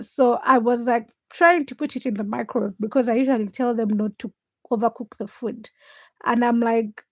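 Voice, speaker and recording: A woman's voice: fairly high pitch, dry recording. Dry-voiced woman livestream host. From Uganda. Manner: animated storytelling, reads viewer comments aloud. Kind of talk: casual livestream storytelling.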